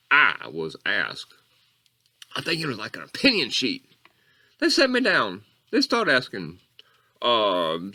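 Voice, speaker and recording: A man's voice: bright, forceful tone, heavily acted. A man playing a rambling, folksy bayou character with a Louisiana drawl who tells a meandering, mock-earnest story in a comedy monologue. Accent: Southern US (Louisiana bayou). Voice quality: folksy drawl, wildly swooping pitch. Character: rambling bayou man calling himself Coach Catfish.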